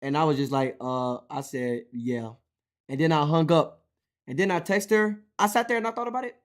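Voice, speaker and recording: A young man streaming, talking casually in an animated, profane way, often repeating himself. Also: a little high, moderate pace.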